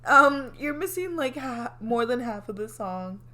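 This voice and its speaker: Young woman cohost, teasing, dry, talks slow and a bit high. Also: animated, crowd noise. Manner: teasing, dry, lots of mm-hmms. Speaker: podcast co-host. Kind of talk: casual chat.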